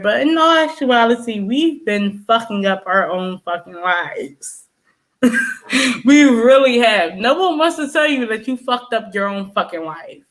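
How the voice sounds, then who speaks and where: Young woman going off on a slow profane rant, laughing here and there, takes her time. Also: medium pitch, fairly bright tone. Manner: blunt, swears a lot, laughs between points. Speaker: tarot reader. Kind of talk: profane casual rant to camera.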